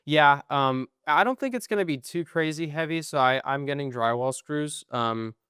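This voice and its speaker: A man's voice: on the high side, normal speed, smooth, dry recording, clean studio sound. Tired young man telling rambling stories. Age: young adult. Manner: rambling, profane storytelling, trailing off quietly. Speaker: podcast co-host. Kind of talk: casual chat.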